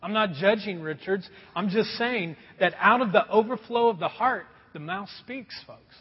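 Speaking at a moderate pace, a middle-aged pastor gives a folksy sermon and often addresses the congregation directly. His voice is high and a little husky, carried by a long hall reverb with a slightly dull quality typical of a sanctuary recording.

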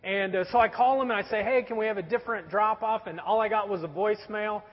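A pastor in his forties, with a high voice and fast delivery, tells a story in his sermon with conversational, wry humor. The recording sounds dull, with long hall reverb.

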